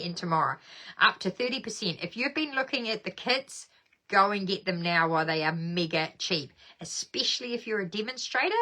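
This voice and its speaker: A woman's voice: mid-range voice, bright, forceful tone. A woman hosting a casual craft live stream, bubbly and chatty, reading viewer comments aloud and laughing often.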